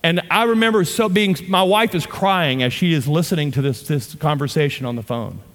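In a church auditorium full of long, hall-like reverb, a middle-aged pastor from Louisiana delivers a sermon of funny stories and playful remarks to the crowd. He talks fairly quickly in a voice on the high side.

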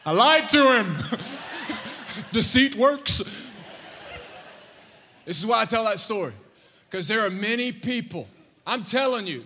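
A man in his thirties preaches a sermon in a large hall, his voice high and bright. He tells stories with animated energy, stumbling into restarts and repeated words. A long reverb trails each line. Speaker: pastor.

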